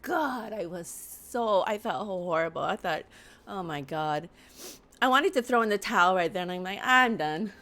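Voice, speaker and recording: A woman hosting a live-streamed podcast, telling a story in an animated way and laughing often. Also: medium pitch, normal speed, few pauses. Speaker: host. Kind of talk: livestream podcast chat.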